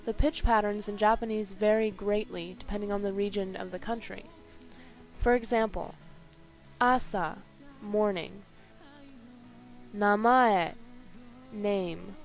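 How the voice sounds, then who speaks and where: A woman reading a scripted language lesson carefully, slowing down to spell out each example. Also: medium pitch, fairly even intonation, darkish tone, soft background music. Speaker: language teacher.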